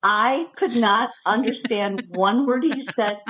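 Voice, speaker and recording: Podcast co-host, woman with a slightly high voice, giggly, relishes a funny story. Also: slow pace, fairly bright tone, a little hiss or hum, low-quality recording. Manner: giggly, exaggerated, tells stories with relish. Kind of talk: casual comedic storytelling.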